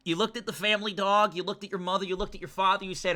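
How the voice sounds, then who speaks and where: A man hosting a casual stream chat, rambling dramatically and acting out his chat in shouted voices. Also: high voice, steady tone, very fast. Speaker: streamer host.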